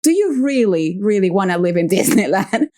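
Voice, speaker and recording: A woman's voice: medium pitch, big pitch swings, normal speed, dark tone. Thoughtful woman hosting a podcast. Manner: thoughtful, searching for words, laughs easily. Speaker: podcast host. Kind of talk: reflective interview conversation.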